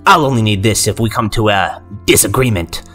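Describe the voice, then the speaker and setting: Brief: a male narrator playing a sinister general in an audio story, gruff and deep, unnervingly calm. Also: faint music behind. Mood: menacing. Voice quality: gruff, slow and delicate. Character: sinister male military general, possessed, coldly coaxing.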